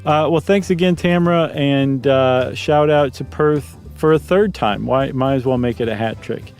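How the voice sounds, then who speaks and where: A man's voice: medium pitch, normal speed, darkish tone, soft background music. A man co-hosting a podcast in casual chat, loose and joking, rambling with fillers. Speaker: podcast co-host.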